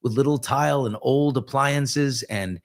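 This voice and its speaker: A man's voice: medium pitch, unhurried. A middle-aged man hosting a casual live chat show, joking and telling loose, rambling anecdotes full of asides. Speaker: host.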